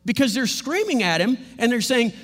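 A man preaching a sermon in a lively, animated way, often acting out what others say. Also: extremely high pitch, moderate pace, in a large hall. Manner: animated, acts out quotes in playful voices.

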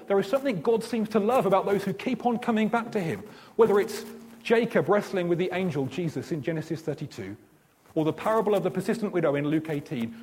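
A man preaching a sermon, telling stories and acting out the dialogue. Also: high voice. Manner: animated storytelling, acts out dialogue.

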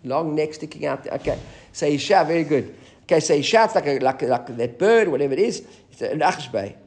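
A man teaching a live Talmud class, reading Aramaic passages and explaining them in English with animated asides. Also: on the high side, brisk.

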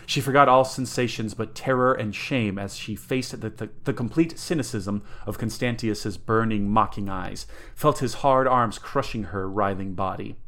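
A man's voice: on the low side, normal speed, a bit bright. A man co-hosting a podcast, narrating a story aloud and then chatting enthusiastically and jokily. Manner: enthusiastic, jokey in chat. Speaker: podcast co-host reading aloud. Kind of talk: story narration and casual chat.

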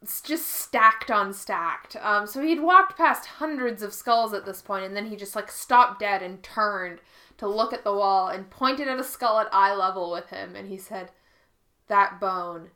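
Woman, casual chat, co-host, bright clear tone, laughs often. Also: medium pitch, normal speed. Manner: laughs often while telling stories.

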